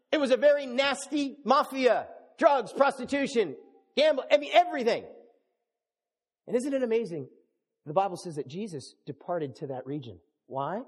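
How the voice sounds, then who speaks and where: High-voiced male preacher in a reverberant hall. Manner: animated, jokey preaching with acted-out dialogue. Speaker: pastor. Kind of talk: sermon. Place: church hall. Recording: long reverb of a large hall.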